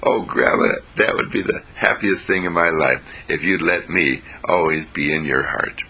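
A man voicing a cheerful, loving little granddaughter in a high, eager voice. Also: normal speed, pushed and bright, husky, heavily acted. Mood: adoring. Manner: sweet, eager, high-pitched.

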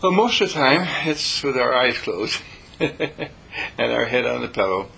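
A man with a bright, gravelly voice teaches meditation in a folksy, repeating style. He sometimes acts out a panicked worrier before calming down again. A faint hiss and low rumble sit under the recording. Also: unhurried, poor audio. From California. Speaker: dean and spiritual teacher. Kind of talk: spoken meditation lesson.

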